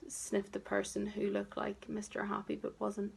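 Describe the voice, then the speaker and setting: A woman teacher reading a picture book aloud to toddlers, expressive and gently coaxing. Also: mid-range voice, normal speed, creaky, hardly any pauses, slightly rough. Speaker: preschool teacher.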